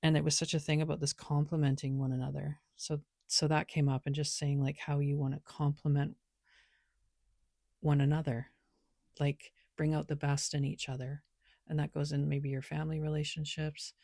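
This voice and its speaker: A woman's voice: sits low, gravelly, mellow, dry recording, studio quality. A woman who reads tarot and oracle cards, talking loosely and rambling with lots of filler words in a casual spiritual vlog. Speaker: tarot and oracle card reader.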